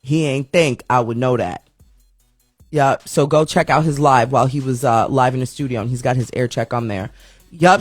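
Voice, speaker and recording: A man's voice: on the high side, no room sound, studio quality. A man hosting a live radio-style show, chatting casually and rambling while reading the viewer chat aloud.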